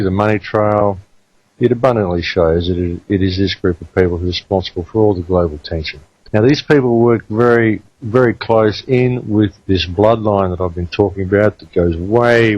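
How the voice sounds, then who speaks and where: A man's voice: fairly low pitch, dry recording, muffled recording. A man with an Australian accent hosting a talk radio show, speaking emphatically to his listeners. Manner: emphatic, addresses listeners as folks.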